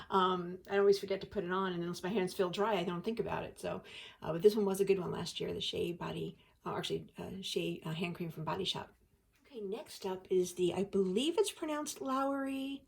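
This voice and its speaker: A woman's voice: lowish voice, brisk, gravelly. A woman hosting a casual unboxing chat, talkative and giggly as she thinks aloud. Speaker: host.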